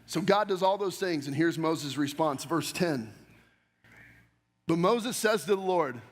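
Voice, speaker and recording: A man's voice: fairly high pitch, expressive, measured pace. A middle-aged man preaching a sermon as pastor, talking conversationally with joking asides and rhetorical questions to the congregation. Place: church sanctuary. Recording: long reverb of a church hall.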